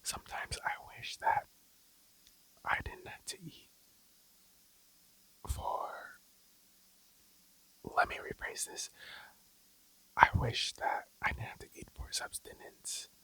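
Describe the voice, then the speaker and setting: A young adult of about twenty talking in a breathy whisper through a mukbang ASMR video, casual and blunt, swearing and rambling between bites. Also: takes it slowly, pauses often, bright, forceful tone, poor audio. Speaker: mukbang vlogger.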